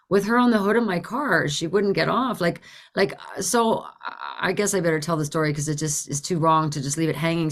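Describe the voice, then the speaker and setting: A woman in her forties tells a story in a bright, forceful voice. She is animated, swears freely and acts out each person in the tale. This is a relaxed, conversational podcast chat. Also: on the low side. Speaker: podcast co-host.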